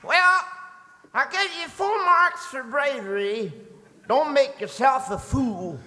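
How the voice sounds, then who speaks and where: A man's voice: very high voice, animated, slow, pushed and bright, exaggerated voice. A man playing a scheming, arrogant prince at a live convention script reading, gloating and chuckling. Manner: gloating, laughs at his own lines. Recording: reverberant convention hall.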